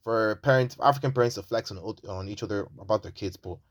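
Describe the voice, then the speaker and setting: A young man co-hosting a casual chat, telling stories in an animated, slangy way. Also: on the low side, a little fast. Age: young adult. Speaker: podcast co-host.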